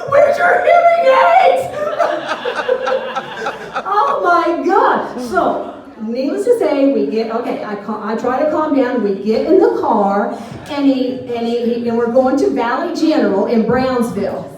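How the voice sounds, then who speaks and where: A middle-aged woman doing stand-up, telling a story with animated, shrieking quotes of herself. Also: a little high, moderate pace. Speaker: stand-up comedian. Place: small venue on stage. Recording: very echoey room, voice from far off.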